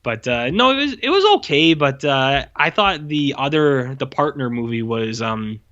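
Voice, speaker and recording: A man's voice: mid-range voice, expressive, moderate pace, sharp tone, lo-fi sound. A man co-hosting a podcast, recapping a movie in loose casual chat full of fillers. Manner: rambling, loose, lots of fillers. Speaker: podcast co-host.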